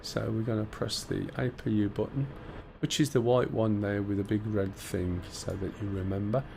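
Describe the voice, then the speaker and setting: Gravelly Black Country man streaming. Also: lowish voice, steady tone, normal speed, darkish tone, slight background noise. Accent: Black Country English. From English Midlands. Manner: chatty, bantering with chat while explaining cockpit steps. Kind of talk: casual live-stream chat.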